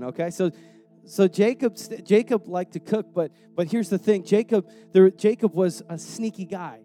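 A man's voice: high-pitched, normal speed, dark tone, soft background music. A young adult male preacher giving a sermon in a conversational, slangy way, often repeating words.

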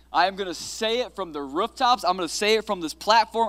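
A man in his thirties praying and then preaching a lively, playful sermon that builds into shouted declarations, as a pastor in a large church. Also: high-pitched, fast talker, hardly any pauses. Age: 30s. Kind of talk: prayer and energetic sermon. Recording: long reverb of a large hall.

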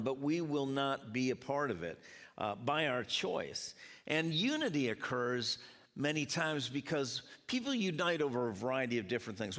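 Lively preaching man in a big reverberant hall. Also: on the high side. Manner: lively, conversational preaching with audience banter. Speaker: pastor. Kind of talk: sermon. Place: church sanctuary.

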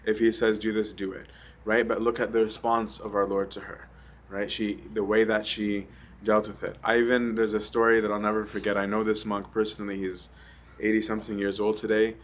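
A man's voice: lowish voice, level tone, brisk, fairly bright tone. A young adult man giving a conversational sermon, often asking "right?" with many ums. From Egypt. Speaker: preacher.

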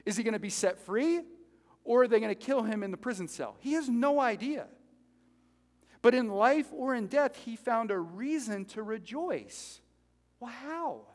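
High-pitched guy preaching, chatty and animated, echoey church hall. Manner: animated, conversational, jokes with congregation. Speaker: pastor. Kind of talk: sermon. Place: church sanctuary. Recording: reverberant hall.

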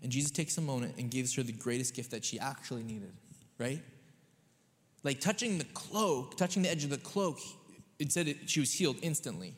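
A man preaches to his congregation in an easy, conversational way and leans hard on the points he wants to land. His voice sits at an ordinary pitch for a man. A long reverb from the church hall trails after his words. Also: brisk. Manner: conversational and emphatic, often checking in with the audience. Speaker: pastor. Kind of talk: sermon. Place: church sanctuary.

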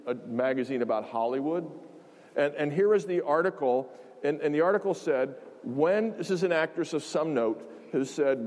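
A man's voice: fairly high pitch, normal speed, darkish tone, long reverb tail. A man preaching a conversational, emphatic sermon, full of asides and repeated phrases.

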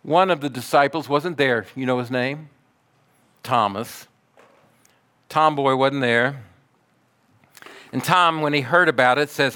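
A man preaching a sermon, retelling the story slowly and dramatically with emphatic swells. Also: mid-range voice, pushed and bright, smooth.

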